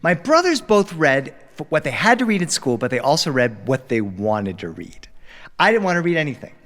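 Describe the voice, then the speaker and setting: A man telling a family story live in a studio, animated and dramatic. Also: fairly high pitch, moderate pace, big-room sound. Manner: animated, dramatic, jumps into character voices. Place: recording studio.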